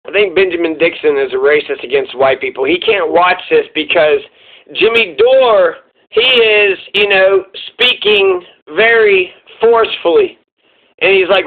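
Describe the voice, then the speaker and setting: Commentary host, male, profane and sarcastic; high-ish voice, lo-fi phone-quality audio. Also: big pitch swings, unhurried. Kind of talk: casual reaction commentary. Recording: tinny lo-fi phone-like sound.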